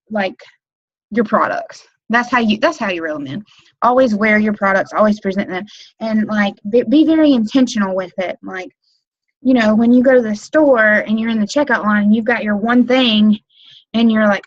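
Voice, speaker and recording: A woman's voice: a little high, moderate pace, no room sound, highs cut off. A woman giving casual training on a webinar, rambling with lots of um, like and you know. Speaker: direct sales consultant training new team members. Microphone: computer mic on a webinar.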